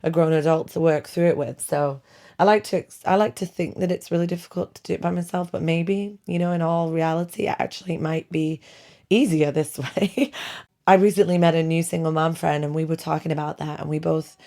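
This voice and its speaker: A woman's voice: sits low, fairly even intonation, a little fast, dark tone. A middle-aged woman hosting a casual podcast from her bedroom, chatty and self-deprecating, laughing often. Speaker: podcast host. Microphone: home podcast mic.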